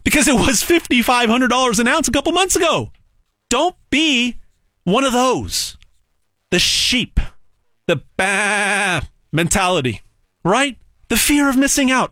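High, lively fast-talking salesman. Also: no room sound, studio quality. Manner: emphatic, repetitive, salesy. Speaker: gold sales host. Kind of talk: pitch monologue to camera.

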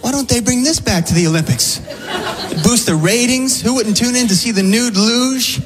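A man's voice: very high voice, moderate pace, crowd noise, poor audio. A man doing a wry stand-up comedy routine, telling jokes. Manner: wry, joke-telling delivery.

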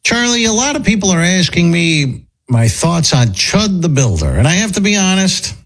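A man's voice: sits high, big pitch swings, normal speed, poor audio. A man hosting a casual commentary chat, talking in a conversational way with restarts as he reacts and thinks aloud. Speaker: host.

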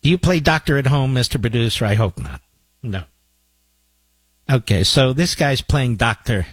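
A man's voice: mid-range voice, animated, moderate pace, slightly rough, no room sound. A man hosting a talk radio show, delivering a combative, sarcastic monologue with mocking asides to his producer. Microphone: studio microphone.

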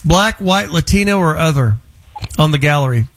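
A man's voice: a little high, animated, moderate pace, no echo. A middle-aged man hosting a casual interview, blunt and teasing, often restarting his sentences. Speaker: host.

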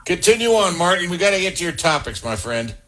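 A man's voice: high voice, big pitch swings, fast, bright, forceful tone. A man hosting a call-in sports radio show, upbeat and joking, steering callers from topic to topic. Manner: upbeat, jokes and quotes movie lines. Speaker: radio sports talk host.

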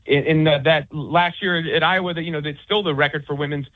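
Calling in as an interview guest, this man who writes about sports talks fairly quickly and rambles, restarting often and using lots of fillers. He has a higher voice with fairly even intonation, heard over a tinny phone line.

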